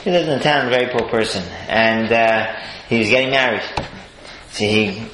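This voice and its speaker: A man giving a sermon-style Torah talk, telling stories lively swings between high exclaims and low murmurs. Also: normal speed. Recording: echoey room with faint noise.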